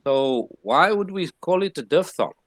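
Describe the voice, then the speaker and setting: A man giving a classroom lecture, explaining slowly and patiently with frequent restarts. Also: a little high, lively intonation, dry recording. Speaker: teacher.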